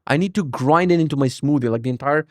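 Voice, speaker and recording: A man in his thirties hosting a podcast, telling a story as a casual rant, animated, cursing freely and mocking himself. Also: a little high, fast, dry recording, studio quality. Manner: animated, profane, self-mocking. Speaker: podcast host.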